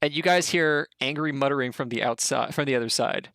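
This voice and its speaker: A man's voice: mid-range voice, brisk, gravelly, fairly bright tone, no echo. A man narrating a tabletop game as game master, rambling with fillers and laughing often.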